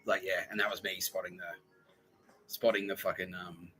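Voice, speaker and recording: A man's voice: sits low, flat delivery, normal speed, bright, forceful tone, soft background music, rough recording. A man hosting a podcast, telling a rambling, profane story and laughing at his own jokes. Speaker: podcast host. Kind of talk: rambling monologue.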